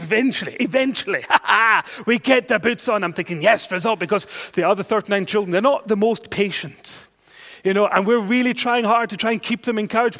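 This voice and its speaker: A Scottish man preaching a sermon, telling a funny story with self-mocking humour and lively exasperation. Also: high voice.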